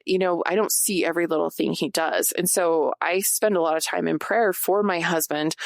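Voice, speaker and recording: A woman's voice: lowish voice, vocal fry, no echo, clean studio sound. A woman in her forties hosting a podcast, talking casually and confessionally to her listeners with lots of fillers. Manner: chatty, many "like" fillers, confessional. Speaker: podcast host. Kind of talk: casual personal talk to listeners.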